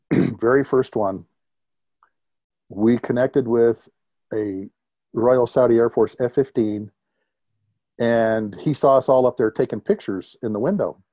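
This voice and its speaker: A man in his fifties, a retired military pilot, telling lively anecdotes as an interview guest and chuckling at his own stories. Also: medium pitch, no echo, dull audio. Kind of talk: conversational interview storytelling.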